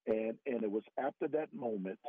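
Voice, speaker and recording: A man telling his faith testimony as a radio guest, earnest and rising in pitch for emphasis. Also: normal speed, breathy edge. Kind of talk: personal testimony. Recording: tinny phone-line radio audio.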